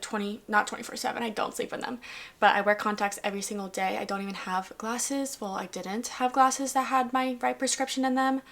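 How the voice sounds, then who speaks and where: A woman's voice: fairly high pitch, fairly bright tone. Bubbly young woman vlogger chatting. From US South. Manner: bubbly, upbeat, lots of "like" fillers. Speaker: lifestyle vlogger. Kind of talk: casual chatty vlog recap.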